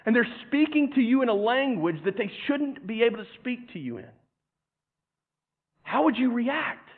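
A man preaching a sermon in an animated way, stumbling over repeated words and acting out other people's voices with humor. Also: very high voice, moderate pace, husky. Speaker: pastor. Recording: tinny phone-like sound.

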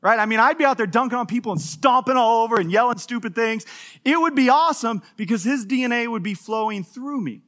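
A man's voice: extremely high pitch, quick pace. A middle-aged man preaching a sermon to a congregation, telling stories with playful humor and acting out voices. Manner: animated storytelling with playful humor, acting out quotes. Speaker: pastor. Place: church in front of a live congregation.

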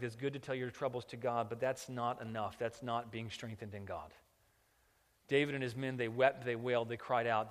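A man preaching a sermon as pastor, moving between quiet reflective passages and loud impassioned ones. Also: medium pitch, in a large hall.

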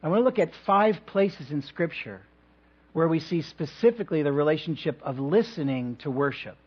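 A male pastor preaches a sermon in a church, pacing his thoughts with reflective pauses and touches of light humor. His voice sits on the higher side and carries a slight huskiness. The recording sounds dull and lo-fi. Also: lively intonation, breathy edge.

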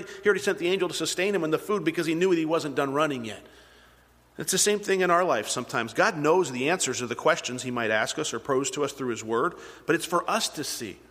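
A man's voice: fairly high pitch, fairly bright tone. A man preaching as a pastor, explaining scripture in a conversational way and asking his listeners questions. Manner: conversational, asks the congregation questions. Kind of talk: sermon. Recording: long reverb in a hall.

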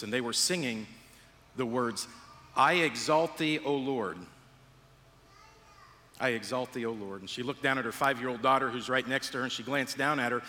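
Pastor, male, bright forceful delivery, animated sermon with acted voices, reverberant sanctuary. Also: a little hiss or hum. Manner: animated storytelling, acts out voices, drops low and quiet for emphasis.

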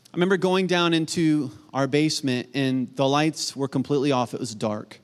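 A middle-aged man preaching a sermon, earnest, swinging from emphatic peaks to soft, hushed storytelling. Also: fairly high pitch, moderate pace. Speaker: pastor.

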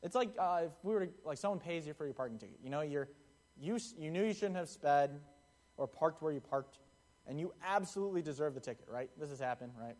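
A man's voice: fairly high pitch, animated, quick pace, a little mellow. Conversational young man preaching a sermon. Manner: conversational, acts out quotes in the parable. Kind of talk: casual sermon.

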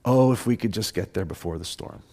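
A man preaching a sermon as a pastor, earnest and emphatic, sometimes softening to a hushed voice. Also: on the low side, brisk.

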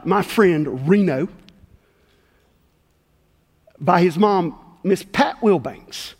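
A middle-aged man preaching a sermon, telling folksy personal stories and acting out the dialogue. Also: fairly high pitch. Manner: animated, folksy storytelling with acted-out dialogue. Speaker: pastor. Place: church sanctuary. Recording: long hall reverb.

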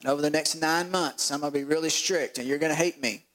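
A stern, no-nonsense schoolteacher who is a storm come to life, as a preacher puts him on. His voice is a little higher than most men's and plainly delivered. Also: fast talker, a bit bright, close to an everyday voice. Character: strict male teacher, a storm personified.

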